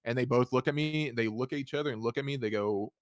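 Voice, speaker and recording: Animated man telling a story, dry sound. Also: mid-range voice, fast talker, no echo. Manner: animated, acts out dialogue, laughs often, swears. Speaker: podcast host. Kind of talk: casual storytelling chat.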